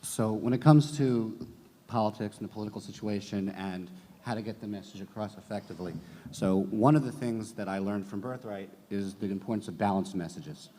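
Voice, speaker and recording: A rabbi speaking on a conference panel in a halting way, with many fillers and restarts. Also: male voice, fairly low pitch, warm tone. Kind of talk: panel discussion talk. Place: large conference hall. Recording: long hall reverb.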